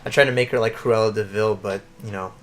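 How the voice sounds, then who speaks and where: A man's voice: fairly low pitch, fairly even intonation, fast talker, a little hiss or hum. A man hosting a let's play, chatting casually with lots of fillers and restarts. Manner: rambling, filler-heavy restarts. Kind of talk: casual gameplay commentary.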